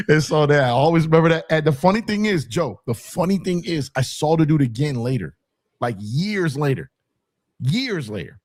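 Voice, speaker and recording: A man telling a profane, animated story in casual podcast talk. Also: a little high, normal speed, no room sound, studio quality. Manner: animated, profane, acts out quotes. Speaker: podcast co-host.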